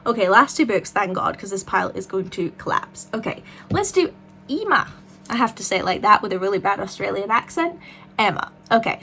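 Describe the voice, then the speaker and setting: A young woman vlogging casual book reviews, chatty and animated, rambling with fillers and quick self-corrections. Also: mid-range voice.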